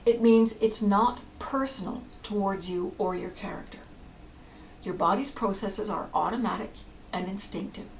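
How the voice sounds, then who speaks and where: A woman counsellor giving a calm, explanatory podcast talk, sometimes dropping to a near whisper. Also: medium pitch, normal speed, a little hiss or hum.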